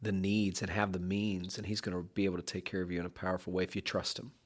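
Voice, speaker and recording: A man's voice: low-pitched, little pitch movement, fast talker. A man hosting a podcast, a pastor, chatting casually and affirming his guest with short hums. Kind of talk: casual conversation.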